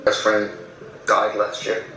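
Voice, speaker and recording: A man's voice: on the low side, monotone, slow, bright, forceful tone, distant mic, faint music behind. A sarcastic sullen teen boy. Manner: dry, sarcastic, muttered. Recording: series clip heard from afar, roomy with noise.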